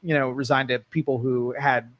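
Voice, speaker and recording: A man's voice: mid-range voice, steady tone, fairly quick, highs cut off. A man hosting a radio talk show, chatting casually and musing aloud, dropping his voice for asides.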